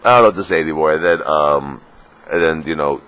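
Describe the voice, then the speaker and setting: A man with a very low voice chats through a casual vlog rant. He rambles with plenty of fillers and crude jokes, and he sounds a bit sniffly. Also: fast, a bit bright. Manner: crude, joking, full of fillers, slips into mocking put-on voices. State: sniffly, just woke up. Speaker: vlogger.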